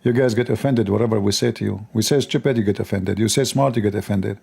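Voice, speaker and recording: A man hosts a call-in debate show, delivering combative live-stream commentary in a fast, gravelly, somewhat low voice with a darkish, slightly rough tone. Arabic is his first language, and his manner is mocking, repetitive and emphatic.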